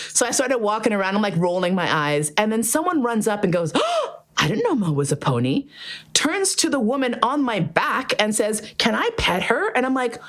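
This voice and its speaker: A woman's voice: on the high side, very animated, moderate pace, fairly bright tone. A woman telling casual, profane stories, laughing often and acting out the voices of the people in them. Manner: acts out quoted dialogue. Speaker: guest speaker on BDSM. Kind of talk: casual storytelling.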